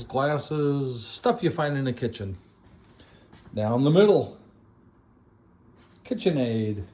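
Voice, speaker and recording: A man walks the viewer through a house set up for an estate sale, speaking slowly and at an average pitch for a man. His tone is playful and self-mocking, and he bursts into excited exclamations as he points things out. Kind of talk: walk-through tour narration.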